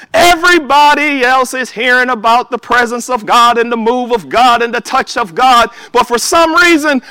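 A man preaching a sermon, animated, swinging from loud exhortation to hushed asides. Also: very high voice, no echo.

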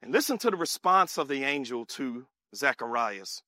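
A man preaching a sermon with animated call-and-response and bursts of shouting. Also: medium pitch, normal speed, dry recording, studio quality.

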